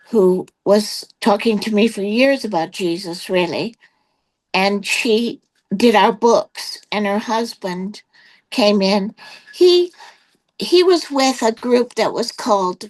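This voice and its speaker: A woman's voice: mid-range voice, low-quality recording. An older woman sits as an interview guest and tells her personal testimony. She rambles through the story with fillers and restarts, acting out the back-and-forth of old conversations as she goes. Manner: rambling storytelling with many quoted exchanges and fillers.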